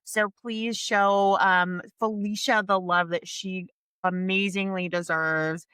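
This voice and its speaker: A woman co-hosting a podcast, signing off warmly and running through a quick list of ways to support the show. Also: mid-range voice, steady tone, smooth, dry recording, clean studio sound. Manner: warm, plugs the show with brisk lists. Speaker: podcast co-host. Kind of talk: casual chat and show outro.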